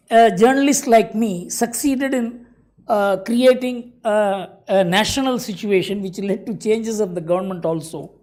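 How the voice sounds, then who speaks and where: A middle-aged woman, a journalist giving a formal conference address, emphatic and repeating key phrases, pausing now and then with fillers. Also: a little high, a little mellow.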